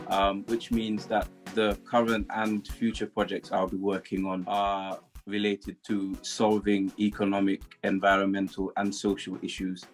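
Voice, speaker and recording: A man speaks with a British accent, his voice sitting a little low and staying quite even in pitch. He explains things calmly and steadily as a guest on a chat show. Soft music plays faintly in the background. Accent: British English. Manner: calm, measured explaining. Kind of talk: casual interview.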